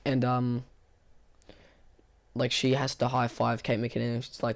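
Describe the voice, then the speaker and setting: Hoarse, tired man rambling through a review. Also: mid-range voice, unhurried. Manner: rambling, full of fillers and restarts; flat, bored-sounding delivery. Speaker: movie reviewer. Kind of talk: casual spoken movie review.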